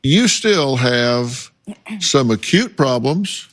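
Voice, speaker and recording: A talk show host lays out hard truths to a guest. He speaks bluntly and deliberately, leaning on each phrase. His voice sits at an ordinary mid pitch. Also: expressive, a bit bright. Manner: blunt, lecturing, slow and emphatic.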